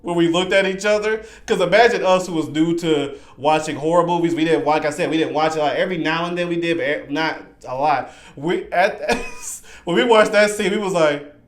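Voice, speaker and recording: Excitable man with a roomy echo. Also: on the high side, a little fast. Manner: excitable, rambling, repeats himself. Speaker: horror movie reviewer. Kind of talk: casual spoken review.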